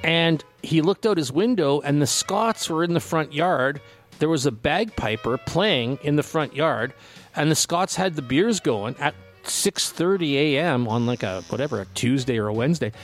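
Canadian guy hosting radio, kinda high voice, rambly chatty with lots of ums, faint music under him. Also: expressive, moderate pace. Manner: chatty, rambling, full of fillers and restarts. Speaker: radio host. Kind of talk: casual radio chat.

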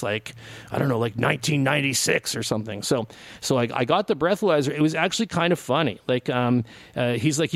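A man's voice: medium pitch, fairly quick, dry recording. A middle-aged man hosting a radio show, telling a rambling story and acting out both sides of the conversation, full of "like" and restarts. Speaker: radio host. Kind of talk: casual storytelling on community radio.

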